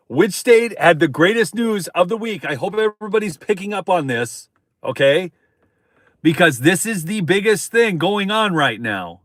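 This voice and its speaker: A man's voice: high-pitched, fairly bright tone, no room sound. A man hosting a live-stream political commentary show, talking emphatically to viewers, repeating his points and calling them folks.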